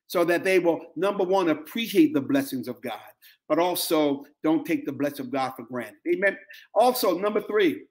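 Man, middle-aged, pastor preaching, African-American English accent, high voice, repeats phrases, calls to the congregation. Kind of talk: sermon.

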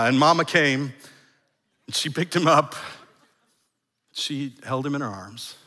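A middle-aged man preaching a sermon as pastor, earnest, moving from raised emphasis to hushed, soft lines and often restarting his phrases. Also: a little high, expressive, measured pace, long pauses. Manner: repeats words and restarts phrases. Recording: long hall reverb.

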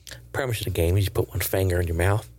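A man putting on the voice of a creepy odd man who tells a crude game in a leering, drawn-out way. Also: sits low, a little mellow, voice pushed down.

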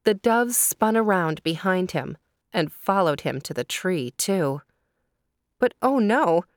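A woman telling a children's story, gentle and deliberate, pausing to ask her young listeners questions. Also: lowish voice, animated, dry recording, clean studio sound.

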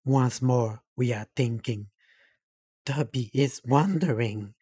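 An ancient little sage speaks calmly and solemnly, twisting his word order backward at a slow pace. A man acts him out in a close, dry recording. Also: medium pitch, husky, no room sound. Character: ancient small male sage, calm.

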